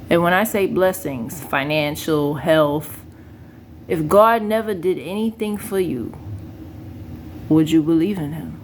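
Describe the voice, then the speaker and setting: Young woman chatting to her viewers, earnest and real, lowish voice, a bit of quiet room noise behind. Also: measured pace. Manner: earnest, conversational, addresses viewers directly. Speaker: vlogger. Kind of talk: casual personal talk to camera.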